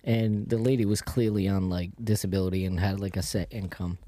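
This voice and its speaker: A man's voice: low voice, steady tone, brisk, warm tone, dry recording. A man co-hosting a casual podcast, joking about himself and recalling his car-selling days. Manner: joking, self-deprecating. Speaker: podcast co-host.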